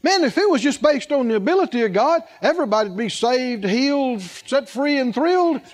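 A man's voice: very high voice, lively intonation, a little fast. A man preaching a sermon, asking the congregation questions and repeating words for emphasis.

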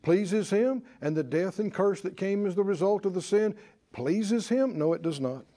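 A man preaches a sermon with a high-pitched voice. He talks in rhythmic call-and-response, rising to bursts of emphasis and then dropping low and soft. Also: lively intonation, normal speed.

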